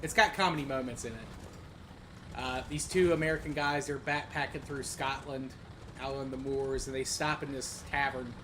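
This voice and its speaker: A man's voice: mid-range voice, steady tone, moderate pace, noisy background. A man streaming a tank game, chatting casually and telling a long rambling story with fillers. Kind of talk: casual chat while gaming.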